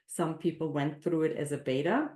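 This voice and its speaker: A middle-aged woman teaching a live online baking class from her home kitchen, speaking gently and leading a calm breathing exercise. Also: low voice, normal speed, echoey room. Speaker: baking instructor.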